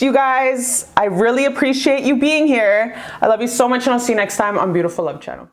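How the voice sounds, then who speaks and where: Chatty woman with a bright, high voice. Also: fairly quick, hardly any pauses. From Canada. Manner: chatty, swears freely, effusive and affectionate. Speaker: tarot reader. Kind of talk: casual tarot reading.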